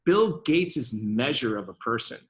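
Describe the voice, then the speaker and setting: A man in his fifties talks as a venture capitalist guest in a conversational interview. His voice sits at an ordinary middle pitch for a man. He tells stories with lively energy, acts out quoted exchanges, and often restarts his sentences. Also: moderate pace. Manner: lively storyteller who acts out quoted dialogue, with frequent restarts.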